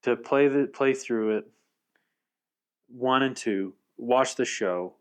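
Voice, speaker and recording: Slow-talking, reflective man. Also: medium pitch, clear, resonant tone. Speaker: podcast co-host. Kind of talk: casual podcast chat.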